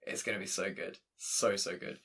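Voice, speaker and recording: A young man co-hosting a podcast, chatty and excitable with lots of fillers. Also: deep voice, normal speed, husky. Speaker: podcast co-host. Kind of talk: casual chat.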